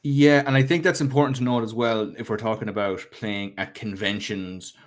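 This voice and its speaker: A man in casual podcast conversation about tabletop games. He thinks out loud, rambles with fillers and pokes fun at himself. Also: lowish voice, fairly even intonation, moderate pace. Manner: reflective, rambling with fillers, self-deprecating. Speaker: podcast co-host.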